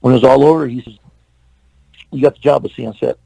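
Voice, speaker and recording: Gravelly, husky man telling a story. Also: medium pitch, fast, dark tone, dry recording, low-quality recording. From California, USA. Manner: acts out quoted dialogue, many fillers and restarts. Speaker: interview guest. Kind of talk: anecdotal storytelling in an interview.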